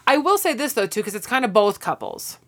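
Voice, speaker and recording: A woman's voice: fairly high pitch, sing-song, a little fast, a bit bright. A woman co-hosting a podcast in casual chat, retelling scenes and acting out the characters' lines in quoted voices. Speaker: podcast co-host.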